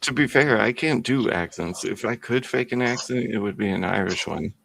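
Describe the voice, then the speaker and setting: A man's voice: lowish voice, normal speed, creaky, a bit bright. A man from Illinois in a casual group voice chat, making dry, offhand remarks.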